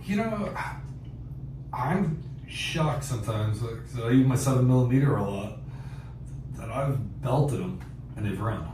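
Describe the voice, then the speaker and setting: Animated storytelling man, echoey distant mic. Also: mid-range voice, a little slow, long pauses, background noise. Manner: animated, laughs often, acts out quotes. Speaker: podcast host. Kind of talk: casual storytelling.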